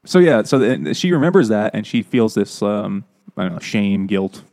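A man's voice: lowish voice, sing-song, normal speed, darkish tone. A man co-hosting a casual podcast chat who laughs often and trails off mid-sentence. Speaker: podcast co-host.

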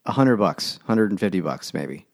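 Man, low voice, casual chat, dry factual remarks. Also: sing-song, moderate pace, vocal fry.

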